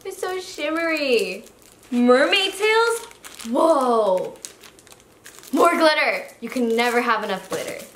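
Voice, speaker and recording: A young woman with a high, lively voice rattles through an unboxing vlog, gasping and gushing with plenty of "like" fillers. Her pitch jumps all over as she talks. The room is echoey, with a faint hiss underneath. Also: measured pace. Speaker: slime YouTuber host.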